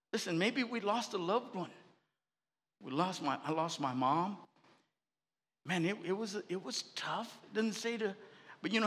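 A man's voice: sits high, fairly bright tone, long reverb tail. A man preaching a sermon as pastor, building with fervor and repeated phrases. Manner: preaching with rising fervor and repetition.

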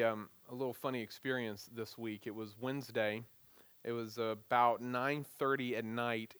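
A middle-aged man preaching as a pastor, moving from prayer into an animated, self-deprecating personal story. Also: mid-range voice, clear, resonant tone, no echo.

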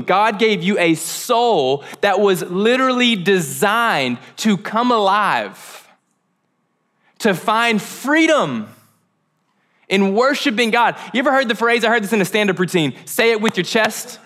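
A man with a lilt preaches to his church in a relaxed, joking way, like he's chatting with friends. His voice is bright and a touch high. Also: unhurried. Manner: casual, joking, conversational preaching. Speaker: pastor. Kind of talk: sermon. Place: church sanctuary.

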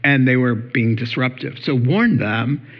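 A man's voice: medium pitch, a little slow, breathy edge, highs cut off. A male pastor giving a conversational sermon, telling stories with many fillers.

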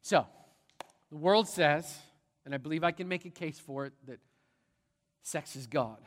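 A middle-aged man preaching a sermon as pastor, animated and conversational, often checking in with the congregation. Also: fairly high pitch, measured pace. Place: large church sanctuary. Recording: long church hall reverb.

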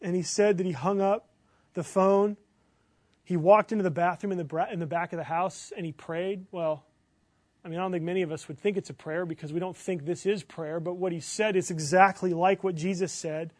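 A man preaching a sermon as pastor, earnest, building to emphatic bursts and then dropping low. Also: fairly even intonation, a little fast, no room sound.

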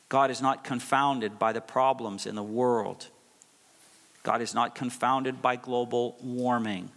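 A man's voice: medium pitch, fairly bright tone. A middle-aged male pastor preaching a sermon, stressing and repeating key phrases for effect. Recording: long reverb of a large hall.

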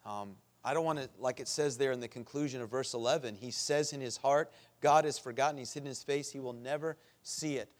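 A man's voice: medium pitch, brisk, few pauses. A middle-aged man preaching a sermon as pastor, earnest and building to impassioned pleas.

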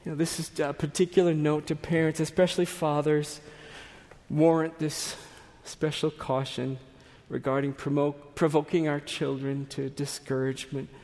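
A male pastor preaches in a chatty, storytelling way, full of asides and restarts. His voice sits a bit higher than most men's. Long reverb from a large sanctuary hangs behind him. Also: level tone, moderate pace, darkish tone. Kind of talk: sermon.

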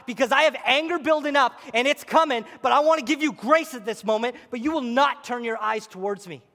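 Pastor guy preaching, acts out the bible voices, real high voice, big echoey church. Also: brisk, hardly any pauses. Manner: animated, acts out scripture voices. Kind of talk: sermon. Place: church auditorium. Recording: echoey hall.

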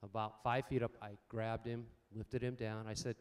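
An older man preaching a sermon, swinging between loud emphatic points and quiet personal stories, calling out for amens. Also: on the low side, little pitch movement, moderate pace, smooth. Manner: asks the congregation for amens. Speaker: pastor.

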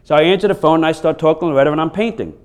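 A man preaching a sermon as pastor, telling stories in a lively, conversational way from a church stage. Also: on the high side, very fast. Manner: storytelling, animated and laughing during funny stories. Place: church sanctuary.

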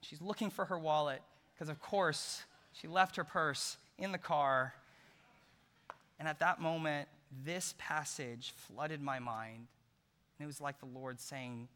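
A middle-aged man preaching a sermon as pastor, telling a story and swinging between loud emphasis and hushed, soft passages. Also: mid-range voice, unhurried. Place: large church hall. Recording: long hall reverb.

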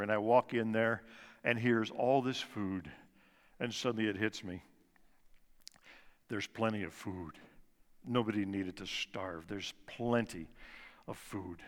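A man in his sixties giving an earnest personal testimony at a church service, slowing and dropping his voice soft for emphasis. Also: on the low side. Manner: earnest storytelling, slows and drops soft for emphasis. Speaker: guest speaker at church service. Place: church sanctuary. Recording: long reverb of a large church hall.

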